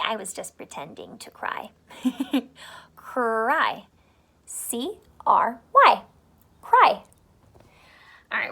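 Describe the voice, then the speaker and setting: A woman teacher giving a phonics lesson to young children, speaking slowly and clearly in a sing-song, playful way. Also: high-pitched, bright, forceful tone.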